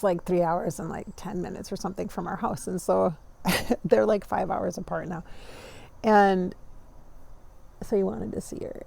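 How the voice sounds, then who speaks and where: Woman in her 40s rambling on her vlog, kinda gravelly, mellow low-key tone, laughs a lot. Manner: rambling, warm-hearted, laughs often. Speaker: vlogger. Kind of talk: reflective casual monologue.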